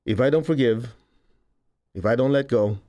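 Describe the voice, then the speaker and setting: Mellow-voiced man giving a spiritual talk. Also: medium pitch, normal speed. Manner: conversational, laughs often, acts out quotes. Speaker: spiritual teacher. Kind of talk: casual spiritual talk to an audience.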